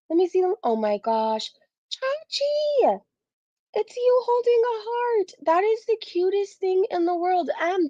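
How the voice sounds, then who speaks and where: A woman's voice: a little high, no room sound, highs cut off. Bubbly woman hosting a livestream. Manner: bubbly, greets chatters by name. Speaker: livestream host. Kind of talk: casual livestream chat.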